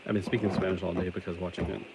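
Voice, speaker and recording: A man's voice: deep voice, rapid-fire. A middle-aged man rambling casually while building a toy, joking at his own expense. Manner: chatty, self-deprecating, joking asides. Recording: steady background noise.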